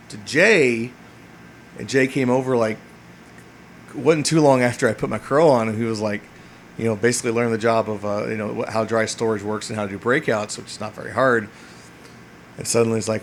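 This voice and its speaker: A man's voice: mid-range voice, steady tone, fairly quick, creaky, a little hiss or hum. A man in his forties, a Navy veteran hosting a podcast, who tells a rambling story full of swearing, fillers and restarts. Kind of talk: casual storytelling monologue.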